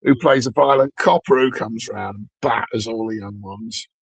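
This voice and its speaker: A middle-aged British streamer rants in a casual, rambling way, swearing freely and drifting from one gripe to the next with sardonic asides. His voice is gravelly and a little husky, and the sound is close and dry with no room echo. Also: medium pitch, moderate pace.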